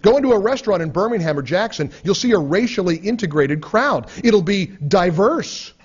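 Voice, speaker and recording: A man's voice: high-pitched, lively intonation, fast, slightly rough. A man reading a nonfiction book aloud in a sarcastic, mocking manner. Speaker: audiobook reader. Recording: dull lo-fi recording.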